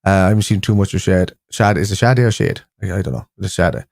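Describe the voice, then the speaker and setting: A man's voice: low-pitched, fast talker, creaky, darkish tone, no room sound, clean studio sound. A man hosting a casual fan live stream, rambling with frequent restarts as he reads out viewer comments. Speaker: fan show host.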